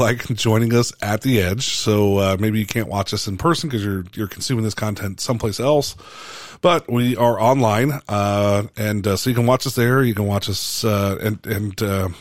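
Low-voiced pastor with halting fillers. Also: male voice, dry recording, studio quality. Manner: relaxed, halting with many fillers and restarts. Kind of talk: casual church talk.

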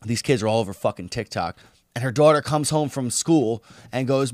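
A man's voice: medium pitch, normal speed, fairly bright tone, no echo, clean studio sound. A young man co-hosting a podcast, talking in a loose, rambling way and swearing often. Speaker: podcast co-host. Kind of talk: casual podcast chat.

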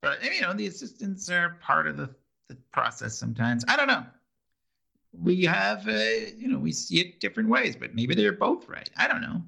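A man co-hosting a podcast, chatting casually as he recaps an episode. His voice is heavily gravelly and bright, and his pitch swings widely. He rambles, full of fillers and restarts. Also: sing-song, moderate pace. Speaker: podcast co-host.

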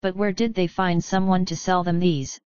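A woman voicing a young man, a wizard twin with wry, deadpan banter. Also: high-pitched, normal speed, smooth, no echo, dull audio, close to an everyday voice.

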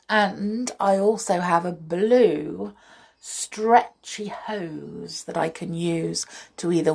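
Slow, lilting woman talking to children. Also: medium pitch, vocal fry, breathy edge. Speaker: storyteller reading to children. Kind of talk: gentle chat to young listeners.

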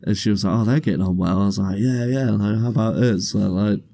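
A man's voice: fairly low pitch, quick pace, mellow, no echo. Young man telling a rowdy story. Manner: swearing, laughing through anecdotes. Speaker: podcast co-host. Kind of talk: casual chat, storytelling.

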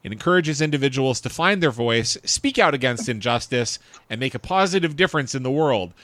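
A man's voice: medium pitch, lively intonation, a little fast, a bit bright, no echo. A man co-hosting a podcast in casual chat, reading facts and chart lists aloud and chuckling along. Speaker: podcast co-host.

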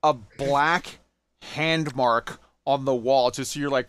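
Joking podcast host, slightly high voice. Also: male voice, measured pace, dry recording. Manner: joking, animated storytelling. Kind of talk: casual chat.

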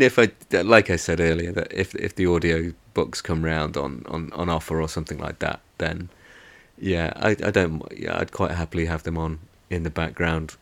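Low-voiced rambling man. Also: gravelly, a bit bright. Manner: rambling and hesitant, many restarts and fillers. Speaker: podcast host. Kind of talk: casual solo book review.

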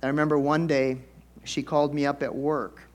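In a brisk voice on the high side, a middle-aged man preaches as pastor in a conversational way. His sermon is folksy and chatty, with soft asides set against sudden excited bursts.

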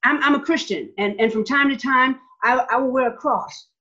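A woman's voice: high voice, moderate pace, bright, forceful tone. Emphatic woman legislator, slightly muffled. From Nevada. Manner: emphatic, repeats words, asks "okay?". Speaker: state legislator. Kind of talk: interview storytelling. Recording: slightly dull lo-fi sound.

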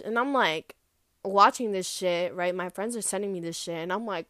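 A young woman vlogger telling a personal story in a loose, casual way, full of fillers and swearing, animated as she retells it. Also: mid-range voice, moderate pace, no room sound, studio quality.

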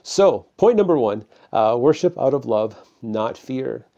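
Gravelly low-key man preaching. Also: lively intonation, a little slow, mellow, lo-fi sound. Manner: plain conversational preaching with many fillers. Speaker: pastor. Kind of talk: sermon to a camera. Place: preaching to a camera.

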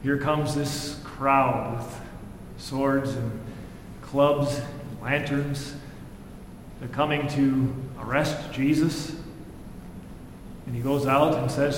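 A pastor giving a sermon, reading scripture and then preaching in a conversational way, acting out the quoted lines with feeling. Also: male voice, slow, long pauses, a bit bright. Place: church sanctuary. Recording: echoey hall with faint rumble.

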